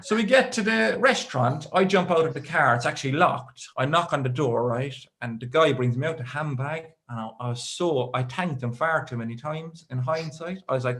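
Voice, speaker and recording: A young Irish man doing stand-up, telling a long story in a rambling, self-deprecating way with deadpan asides. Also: a little high, normal speed, hardly any pauses. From Ireland. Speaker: stand-up comedian. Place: live comedy show with audience.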